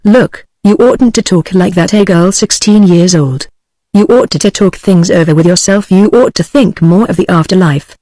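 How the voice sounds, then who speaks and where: A synthetic British female voice reading the lines of an earnest, preachy sixteen-year-old boy in an even, mechanical way. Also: on the low side, normal speed, dry recording, close to an everyday voice. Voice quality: even, mechanical text-to-speech delivery.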